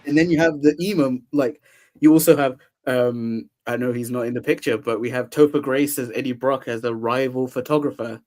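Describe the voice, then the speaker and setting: A young adult podcast host talks a little fast in a medium-pitched voice as he casually recaps a film. His manner is animated, packed with laughter and performed quotes.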